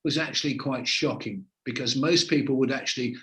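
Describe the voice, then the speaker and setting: An older man from England, a veteran TV presenter, answering interview questions in relaxed, anecdotal storytelling. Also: mid-range voice, brisk.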